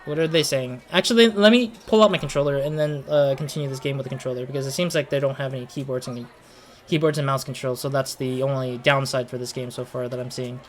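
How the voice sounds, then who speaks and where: A man's voice: mid-range voice, fairly even intonation, fast. A man commentating on his game play in a rambling, self-conscious way. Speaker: gamer commentator. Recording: siren noise behind voice.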